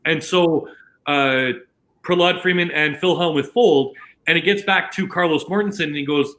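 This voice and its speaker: A man's voice: fairly high pitch, moderate pace, bright, forceful tone, low-quality recording. A man from Canada who works as a casino dealer, telling a long anecdote in casual chat, full of restarts and quoted dialogue. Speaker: casino dealer, podcast guest.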